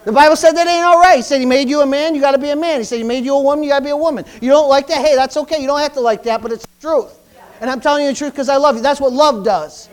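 A man's voice: very high voice, steady tone, rapid-fire. A man preaching a fervent sermon in church, repeating himself and punctuating lines with hallelujah and praise the Lord. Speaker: pastor.

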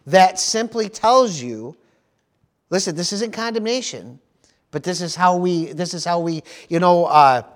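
A middle-aged man preaching a sermon, repeating phrases and dropping in praise interjections as he goes. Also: a little high. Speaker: pastor.

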